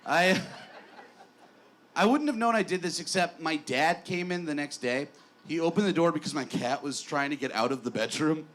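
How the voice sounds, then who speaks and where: A man's voice: on the high side, normal speed, fairly bright tone. A man in his twenties doing a stand-up set in a small bar, rambling and self-deprecating with stammered restarts. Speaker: stand-up comedian.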